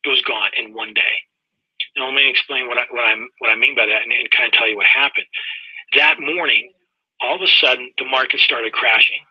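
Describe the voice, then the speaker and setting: A man's voice: medium pitch, fairly quick, slightly rough, no room sound. A middle-aged man telling a personal story in a webinar in a folksy way, talking straight to his listeners, heard through dull, lo-fi audio. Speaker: webinar presenter.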